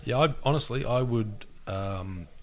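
A man co-hosting a podcast in casual chat, speaking in hesitant, halting bursts. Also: mid-range voice. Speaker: podcast co-host.

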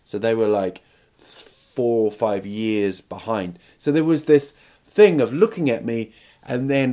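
A man's voice: medium pitch, slow, mellow. Rambling, self-mocking podcast man. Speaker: podcast host and comedian. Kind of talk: rambling comic storytelling monologue.

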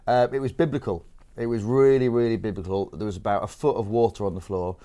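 A man's voice: on the low side, fairly even intonation, fast, dark tone. A man, a comedian guest telling self-mocking stories in casual chat. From Grimsby, England. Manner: self-mocking, laughing storyteller.

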